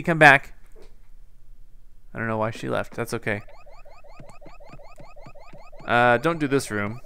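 A young man giving casual, joking commentary on his own gameplay and talking to himself as he plays. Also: mid-range voice. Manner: joking, rambling, self-talking.

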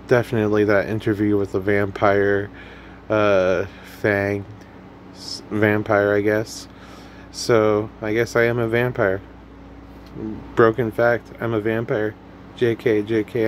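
A man's voice: fairly low pitch, flat delivery, a little slow, slight background noise. A young man hosting a comedy video, rambling through memes in a goofy, self-mocking way. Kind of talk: casual meme commentary.

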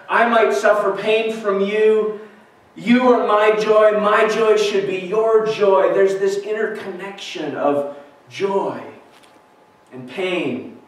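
A man preaching a sermon as a pastor, earnest and questioning, reading scripture aloud between his points. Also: high voice. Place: church sanctuary. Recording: echoey church recording from far off.

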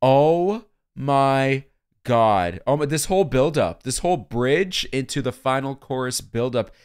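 A man's voice: medium pitch, expressive, measured pace, clean tone. A man hosting a music video reaction, gushing and emotional, exclaiming and singing along, with faint music behind him.

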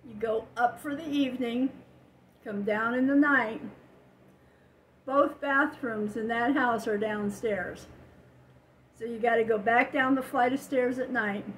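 Older woman, slow chatty vlog talk, slightly high voice, faint room noise. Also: poor audio. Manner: chatty, storytelling, laughs often. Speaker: vlogger. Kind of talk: casual chat. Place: at home.

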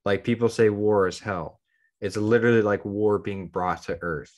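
A man's voice: lowish voice, normal speed. A man co-hosting a podcast in casual chat, rambling, leaning on "like" and often restarting his sentences. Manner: rambling, heavy use of "like". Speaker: podcast co-host.

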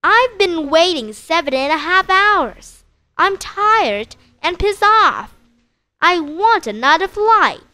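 A woman voicing an angry traveler who yells at airport staff. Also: very high-pitched, lively intonation, slow, no echo, pitched above the performer's own voice, full character voice. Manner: yelling, exasperated.

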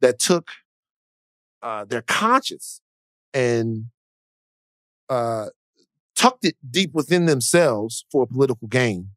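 A man's voice: medium pitch, very animated, takes it slowly, pauses often, dry recording, clean studio sound. A man co-hosting a podcast in casual chat, talking in an emphatic, preacher-like cadence that builds as he goes. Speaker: podcast co-host.

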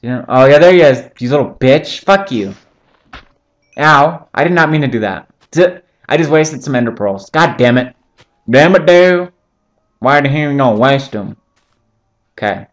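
Rambling, swearing young gaming commentator. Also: male voice, mid-range voice, animated, normal speed, pauses often. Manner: rambling, joking, swears often. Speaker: gaming channel host. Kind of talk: casual gameplay commentary.

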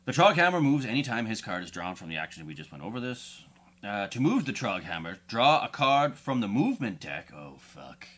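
Brief: bright, animated man, casual board game player reading rules out. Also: on the low side, fairly quick. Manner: reads rules aloud and counts moves. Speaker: player and channel host.

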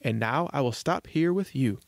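A man voicing a plucky boy the size of a thumb, speaking high and urgently in a storybook reading. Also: animated, normal speed, creaky, dry recording. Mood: sly, cheeky.

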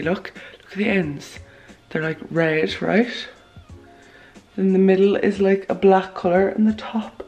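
Through a muffled recording with faint music underneath, a young Irish vlogger in her twenties chats and rambles to her phone camera. Her medium-pitched voice is a little mellow, and "lads" and "like" come up a lot.

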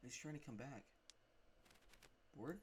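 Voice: mid-range voice, takes it slowly, heavy background noise. A gamer giving jumpy, unscripted let's-play commentary while talking to the game.

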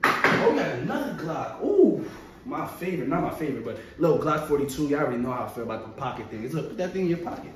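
A young man doing a casual show-and-tell vlog, excitable and slangy with frequent exclamations. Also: a little high, quick pace. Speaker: vlogger showing his collection. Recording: very echoey, far from the mic, faint noise.

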